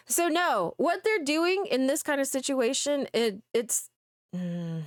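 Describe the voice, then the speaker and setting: Exasperated high-voiced woman ranting. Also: no echo. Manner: blunt, exasperated, profane ranting. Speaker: VTuber commentator. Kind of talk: reaction commentary.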